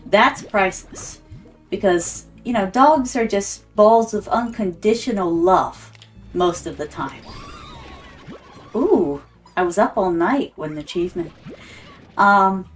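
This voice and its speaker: A woman streamer chatting casually and telling a story while she plays a game, acting out the voices of the people in it. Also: mid-range voice. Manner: chatty, acts out quoted voices. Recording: slightly distant mic with background music.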